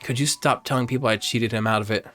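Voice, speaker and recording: A man's voice: medium pitch, fairly even intonation, fast talker, bright, forceful tone, soft background music, lightly acted. A man reading a curt newspaper editor woman.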